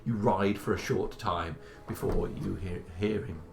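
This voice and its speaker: A man narrating a tabletop game as game master, relaxed, with fillers. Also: low-pitched, a little slow, creaky.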